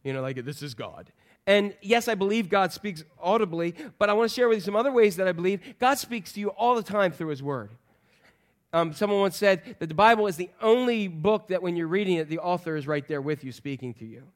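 A man in his fifties preaching a sermon as pastor, conversational and animated, acting out quoted voices. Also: sits high, a little fast.

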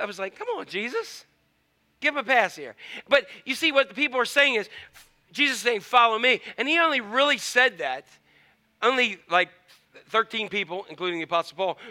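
A male pastor, preaching a playful, conversational sermon and acting out honks and quoted voices. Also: sits high. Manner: animated, playful, acts out honking and quoted voices. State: tired.

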